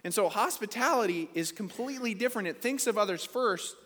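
A man with a slightly high voice preaches in a church, and his words ring on in a long hall echo. His delivery is conversational and playful, with questions thrown out to the congregation. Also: expressive, fairly quick, fairly bright tone. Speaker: pastor. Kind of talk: sermon.

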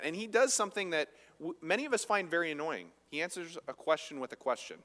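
A man's voice: on the high side, expressive, quick pace, pushed and bright, long reverb tail. A man preaching a conversational sermon as a pastor, often asking his listeners rhetorical questions.

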